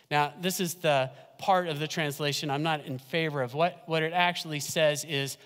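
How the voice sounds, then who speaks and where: Male pastor, sermon, high voice, chatty and humorous, slow emphatic drops, echoing church hall. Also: fairly even intonation, a bit bright. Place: church sanctuary. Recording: long church hall reverb.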